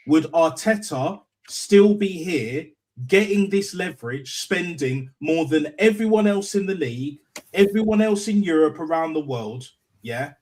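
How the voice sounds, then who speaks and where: High-voiced guy ranting bout football, repeats himself, swears a lot. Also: a little mellow. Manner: blunt, repeats words, swears. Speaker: call-in panelist. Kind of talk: heated football call-in chat.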